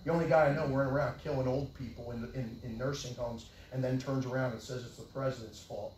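An older man preaching a sermon with great passion, swinging from loud yelling to low mutters. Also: steady tone, quick pace, a little hiss or hum. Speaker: pastor. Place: church hall. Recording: echoey church hall, from far off.

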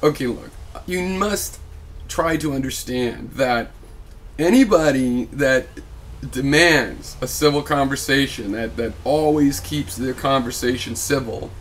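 A man's voice: medium pitch, a little slow. Rambling argumentative man, faint hiss. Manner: rambling, with many fillers and restarts; heated and argumentative. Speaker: video blogger. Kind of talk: casual spoken video reply.

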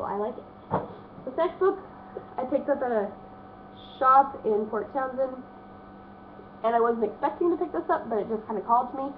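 In tinny, lo-fi audio that sounds like a phone, with a bit of hiss or hum, a thirty-something woman vlogger rambles casually about her book haul. She has a mid-range voice, a stuffy nose, and uses plenty of fillers.

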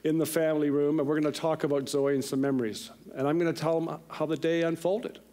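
A middle-aged man preaching a sermon in a church, telling a personal story with lively, animated delivery and voicing the people in it. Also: on the high side, fast. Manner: animated storyteller, voices others in the tale. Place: church sanctuary.

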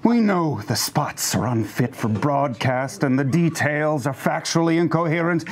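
A man plays up a grand, impassioned campaign speech as a parody. His voice sits high and swings widely in pitch as he orates. It's theatrical, rousing oratory from a tabletop game show cast member. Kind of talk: mock political campaign speech.

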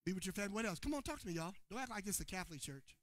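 A man preaching a sermon to his congregation, calling on people by name and swinging between shouted points and quiet asides. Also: sits high, expressive, very fast, no echo. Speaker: pastor. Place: church sanctuary before a congregation.

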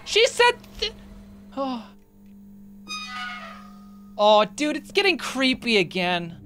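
Young woman streamer, high and animated, jumpy swearing horror-game commentary. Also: slow pace, music in the background. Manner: panicky, swearing, laughing.

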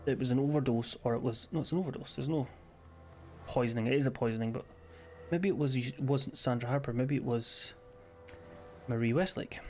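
Scottish male streamer, casual and profane, average pitch, light music bed. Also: brisk, darkish tone. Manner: sweary, jokey, thinks aloud. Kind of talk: casual gaming stream chat.

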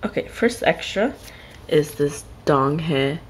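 A woman with a low-pitched voice chats casually through an unboxing, gushing over each item. Her bursts of excitement alternate with soft, near-whispered asides. A faint background noise sits under the recording. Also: takes it slowly, poor audio. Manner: gushing, excitable, repeated exclamations; drops to soft near-whispers while handling items. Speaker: vlogger unboxing a trade package.

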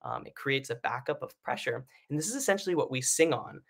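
Man, singing coach, bright forward tone, mid pitch, casual explaining, lots of "um" and "right?". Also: expressive, a little fast, gravelly. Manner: casual explaining with many fillers and "right?" checks. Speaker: singing teacher. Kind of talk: online vocal lesson. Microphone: live stream setup.

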